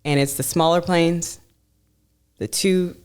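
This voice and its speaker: A woman's voice: on the low side, fairly even intonation, slow pace, darkish tone, clear, resonant tone. A woman in her thirties co-hosting a casual podcast chat, easygoing and rambling, trailing off with fillers. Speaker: podcast co-host.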